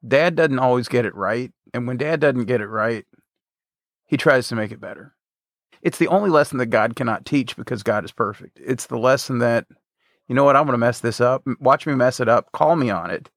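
A man's voice: medium pitch, fairly quick, fairly bright tone, dry recording, studio quality. A middle-aged man speaking reflectively and openly about his own parenting mistakes in a casual discussion. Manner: reflective, confessional.

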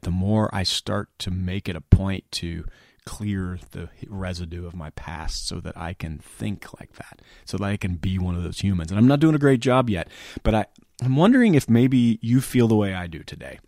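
A middle-aged man giving a reflective motivational talk, earnest and halting, often dropping to a soft near-whisper. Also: low-pitched, vocal fry, no echo, clean studio sound. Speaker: speaker.

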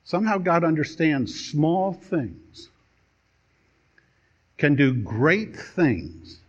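Lively-voiced man preaching a sermon. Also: a little high. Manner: storytelling preacher, lively delivery with dramatic pauses. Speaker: pastor. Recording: dull lo-fi sermon recording.

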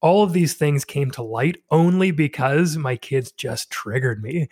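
A man's voice: fairly high pitch, a little slow, a little mellow, husky, no room sound, clean studio sound. A man hosting a casual interview, asking open, searching questions. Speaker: podcast host.

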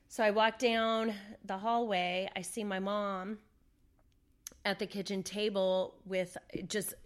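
Her voice on the low side, a middle-aged woman shares a personal story as an interview guest. She talks loosely and conversationally, fills gaps with fillers, and re-enacts the exchanges she had back then.

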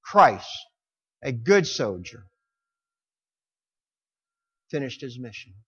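A man preaching a sermon with passion, swelling to loud emphatic peaks and dropping low, sometimes stumbling over words. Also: sing-song, slow pace, slightly rough, lo-fi sound.

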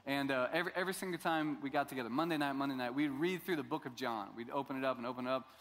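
A man's voice: mid-range voice, rapid-fire, a bit bright. A middle-aged man preaching a sermon as a pastor, telling his own story in a casual, joking way and acting out the voices of the people in it. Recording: long hall reverb.

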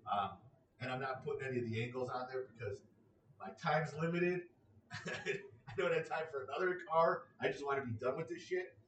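A man's voice: medium pitch, echoey room, far from the mic, slight background noise, low-quality recording. A man in a casual ranting monologue, exasperated and sarcastic, swearing freely.

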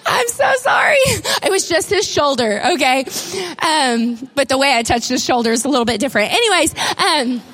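A middle-aged woman preaching a sermon, telling a lively, animated story. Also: sits high, brisk. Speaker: pastor.

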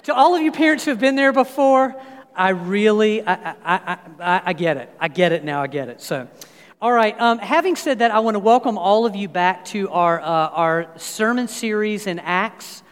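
A man in his fifties preaching over a church sound system. His voice sits high and his delivery is animated, full of fillers and restarts. A long reverb fills the sanctuary behind him. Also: moderate pace, clear, resonant tone. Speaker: pastor. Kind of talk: sermon with personal anecdotes. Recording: long reverb of a large hall.

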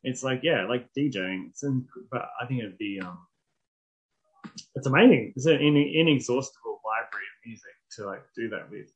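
A man co-hosting a podcast, chatting casually with relaxed, trailing sentences and frequent laughter. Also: mid-range voice, normal speed, dull audio. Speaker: podcast co-host. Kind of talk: casual chat.

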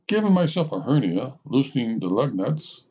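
A man's voice: medium pitch, very animated, normal speed, mellow, husky. A man hosting a podcast and reading his own story aloud in the first person, wry and self-mocking. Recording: slightly dull lo-fi recording.

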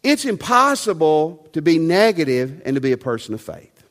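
A pastor preaches in a slightly high voice, pressing each point home with rhetorical questions. The sound rings with the long reverb of a big sanctuary. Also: male voice, big pitch swings, normal speed, fairly bright tone. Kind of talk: sermon.

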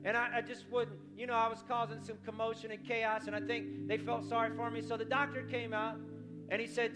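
A middle-aged man preaching a sermon, telling a story with feeling and repeating words in quick bursts. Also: extremely high pitch, level tone. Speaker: pastor. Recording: music playing behind.

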